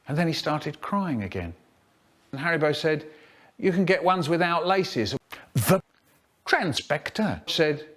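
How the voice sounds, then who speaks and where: A man telling a children's story in a spliced comic edit, with drawn-out words and sudden squeaky jumps in pitch. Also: lively intonation, fairly bright tone.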